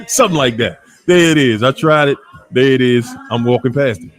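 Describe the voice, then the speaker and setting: A man's voice: medium pitch, animated, fairly quick, faint music behind. Playful man greeting his livestream chat. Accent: African American English from Washington, D.C. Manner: playful, greets viewers by name, laughs often. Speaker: livestream host.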